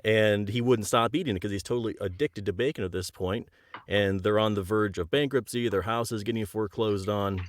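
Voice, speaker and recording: A man appearing as a guest author on a video call, making up a comic story on the spot with animated restarts. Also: on the low side, fairly quick, dry recording, clean studio sound.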